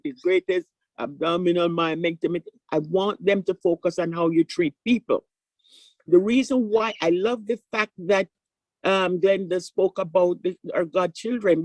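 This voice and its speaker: A woman's voice: fairly low pitch, a little mellow. An older woman speaks on a conference panel, a surgeon telling family stories with plenty of animation. She acts out the voices of the people she quotes. The sound is dry and close, with little room echo.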